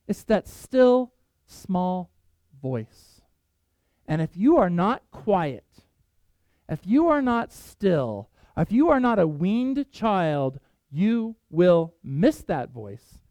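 Animated high-voiced male preacher. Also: no room sound. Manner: animated storytelling, voices Bible figures, pitch jumps for excitement. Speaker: pastor. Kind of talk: sermon.

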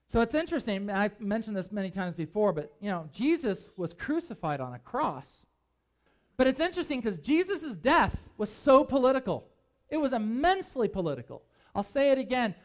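A man preaching a sermon as pastor, emphatic and animated, with conversational asides. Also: high voice.

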